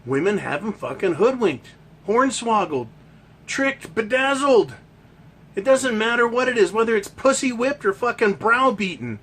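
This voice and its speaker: High-voiced man ranting profanely. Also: animated, moderate pace, a bit bright, breathy edge. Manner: profane, heckling, rhetorical questions. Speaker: podcast host. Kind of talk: ranting monologue.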